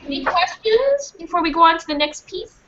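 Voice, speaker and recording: A woman's voice: very high-pitched, big pitch swings, fairly quick. A woman reading a storybook aloud to a class of children, acting out the characters' voices with animation. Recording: dull lo-fi call audio with faint hiss.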